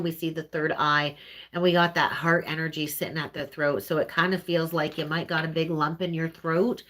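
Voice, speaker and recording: A woman's voice: low-pitched, fairly bright tone. A woman with a Canadian accent giving an earnest, conversational live-streamed tarot reading and often checking in with "right?". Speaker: tarot reader.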